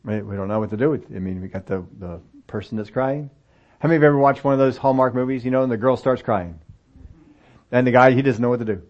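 Here an older man, a pastor, delivers a sermon at a fast clip and a medium pitch. He reads scripture aloud, then breaks off into homespun jokes at his own expense. The sound is dull and lo-fi.

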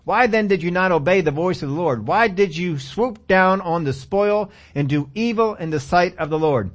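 A man's voice: high voice, lively intonation, normal speed. Man preaching, reading scripture aloud. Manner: reads scripture then comments on it.

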